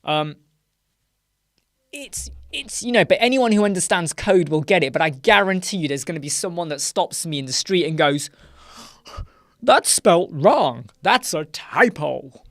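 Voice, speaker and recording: A man's voice: a little high, expressive, moderate pace, fairly bright tone, no room sound, studio quality. A British man hosting a casual live chat stream, rambling through filler words and often ending points with "right?". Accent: British English. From United Kingdom. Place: small dark room with sound panels.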